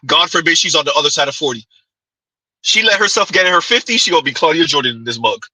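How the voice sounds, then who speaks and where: A man's voice: a little high, lively intonation, fast, bright, forceful tone, breathy edge, no echo, rough recording. A man hosting a commentary show, riffing in a rambling, repetitive way. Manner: rambling, repeating himself, chuckling asides. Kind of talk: casual commentary.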